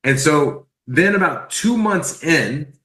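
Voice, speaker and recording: Male storyteller, bright and forceful, energetic testimonial delivery, echoey room. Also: a little high, slow. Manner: animated, acts out quoted dialogue. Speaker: speaker sharing a personal testimony.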